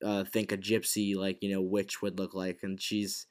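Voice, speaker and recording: Dude rambling thru a tv recap, chill and loose, lots of uh and like. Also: male voice, sits low, normal speed. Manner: relaxed, rambling, many fillers and restarts. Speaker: podcast co-host recapping a TV episode. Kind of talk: casual chat.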